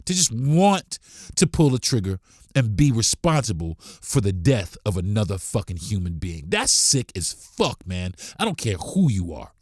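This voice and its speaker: A man's voice: fairly low pitch, big pitch swings, normal speed, a little mellow, dry recording, studio quality. A man hosting a podcast, delivering a blunt, profane, heated monologue. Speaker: podcast host.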